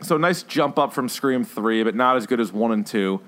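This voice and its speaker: A man's voice: mid-range voice, fairly quick. Rambling, chatty man. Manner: rambling, filler-heavy, animated retelling. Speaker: podcast co-host. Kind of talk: casual chat reviewing films.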